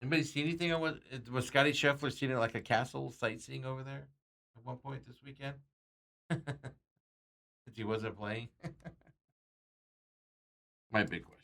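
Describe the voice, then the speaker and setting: A man's voice: medium pitch, fairly bright tone. A man hosting a sports talk show, chatting casually and rambling with frequent chuckles.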